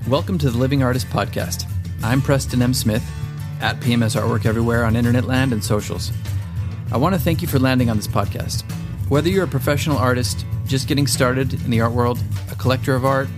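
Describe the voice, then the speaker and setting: A man's voice: medium pitch, a little fast, music in the background. A man hosting a podcast in a casual monologue, rambling with goofy jokes and asides. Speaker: podcast host.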